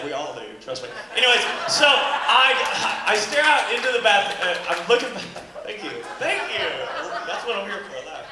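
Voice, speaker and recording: A man doing a stand-up set on a club stage, his voice sitting high and leaping all over the place as he acts out his own story. The room rings with heavy echo, and a crowd is clearly heard behind him. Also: a little fast. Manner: animated, rambling storytelling with acted-out exclamations. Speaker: stand-up comedian.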